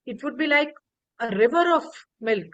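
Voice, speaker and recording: Woman storyteller on a video call, highish voice, dry sound, lively, acts out the characters' lines. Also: normal speed, dry recording, dull audio. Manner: animated, acting out characters' lines.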